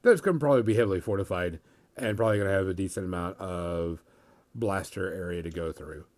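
A man narrating as game master in a tabletop role-play, relaxed, often chuckling and repeating words. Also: low voice, quick pace.

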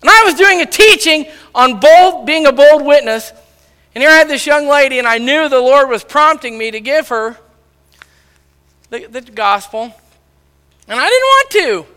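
Loud high-voiced male preacher in a hall. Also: lively intonation, moderate pace. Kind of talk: sermon storytelling. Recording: long reverb of a large hall.

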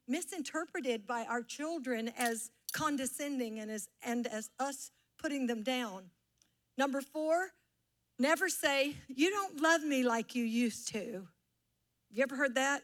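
A woman's voice: high voice, moderate pace. A middle-aged woman pastor preaching a sermon, teaching and drawing responses from the congregation. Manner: warm teaching tone with audience call-and-response.

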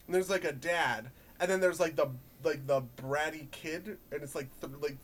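A man in casual podcast chat, rambling and animated, laughing often and swearing. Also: on the high side, moderate pace. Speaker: podcast co-host.

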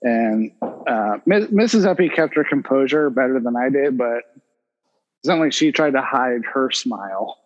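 A man's voice: mid-range voice, expressive, moderate pace, in a large hall, dull audio. A man hosting a casual podcast, telling a family story and laughing often as he talks. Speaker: podcast host. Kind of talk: casual chat.

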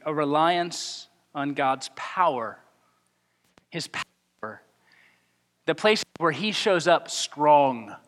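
A man preaching a sermon, animated and acting out the voices of the people he quotes. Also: fairly high pitch. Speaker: pastor. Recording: long reverb of a hall.

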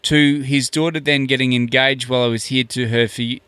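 A man's voice: mid-range voice, moderate pace, smooth, no echo. A man, a podcast guest telling a long story casually and acting out the dialogue. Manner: animated, acts out quoted dialogue with many "I'm like".

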